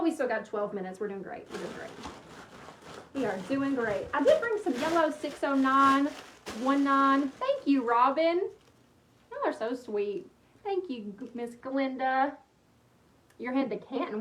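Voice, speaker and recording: A high-voiced woman in her thirties from East Texas, with a Texan accent, chats casually on a crafting livestream and thanks viewers by name. The room is echoey, the mic sits at a distance, and a faint hum runs underneath.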